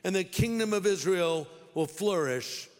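A man's voice: high voice, animated, a little slow, in a large hall. A man voicing a remorseful old king who speaks in a tearful, pleading way.

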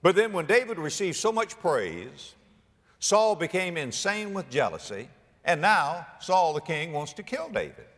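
A man preaching a sermon, dramatic and animated, acting out biblical speakers and rising to near-shouts. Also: medium pitch, big-room sound.

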